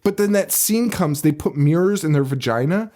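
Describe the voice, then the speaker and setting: A man's voice: a little high, normal speed. A man in his thirties hosting a podcast, chatting casually about a film, laughing often and acting out lines. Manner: animated, laughs often, acts out quotes. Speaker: podcast host.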